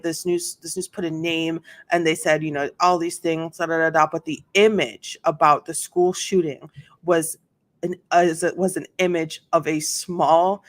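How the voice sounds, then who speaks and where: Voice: mid-range voice, a bit bright. A host giving casual commentary on a court trial, chatty and full of fillers and asides, reading testimony aloud.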